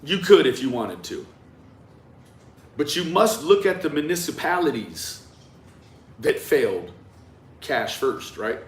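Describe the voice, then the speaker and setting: A man talking through a case in a reflective, conversational monologue, often tagging his points with a questioning "right?" and trailing off into quiet asides. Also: on the high side, big pitch swings, slow, long pauses. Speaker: commentator on a true-crime case. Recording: roomy echo with faint ambience.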